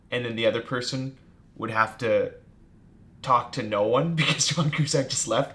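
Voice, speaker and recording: A man hosting a podcast in casual chat, upbeat and laughing often, telling stories quickly. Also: medium pitch, pushed and bright, slight background noise. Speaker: podcast host and editor.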